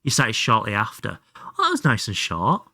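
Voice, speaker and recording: A man's voice: lowish voice, huge pitch swings, normal speed, creaky, pushed and bright, breathy edge, no room sound, clean studio sound. A young man chatting casually and thinking aloud while streaming a game, swearing freely. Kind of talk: casual live gameplay commentary.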